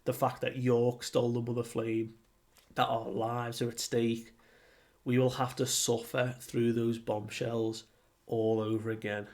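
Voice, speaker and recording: A man's voice: medium pitch, flat delivery, measured pace, darkish tone. A young man chatting casually through a comic chapter recap, full of fillers and acted-out quotes. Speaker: anime and manga reviewer.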